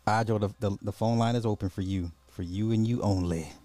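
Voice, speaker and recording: A man's voice: fairly low pitch, steady tone, brisk, mellow, no room sound, soft background music. A man hosting a call-in commentary podcast, talking casually in slang and rambling at times. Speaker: podcast host.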